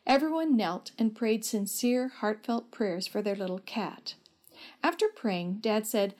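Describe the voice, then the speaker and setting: A woman narrating a children's story aloud in a steady, gentle read. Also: medium pitch, unhurried.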